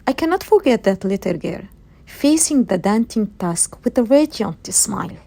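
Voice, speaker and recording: A woman's voice: medium pitch, very animated, moderate pace, vocal fry, warm tone. A woman reading an earnest, reflective travel anecdote. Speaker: listener telling a travel story.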